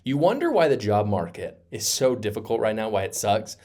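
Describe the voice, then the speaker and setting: A man's voice: on the low side, sing-song, a little fast, a little mellow. Sarcastic male political commentator. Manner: sarcastic, emphatic. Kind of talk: opinion commentary.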